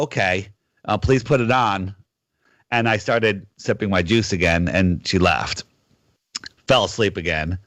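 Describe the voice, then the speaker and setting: Low-voiced man telling a rambling story. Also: fairly bright tone, dry recording. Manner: rambling storyteller, acts out quoted lines. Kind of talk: casual call-in radio chat.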